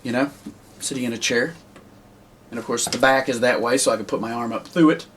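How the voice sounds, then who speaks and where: Man of middle pitch, casual rambling show-and-tell of his own puppets. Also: a little fast, a bit bright. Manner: rambling, with many ums and restarts. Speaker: puppet maker.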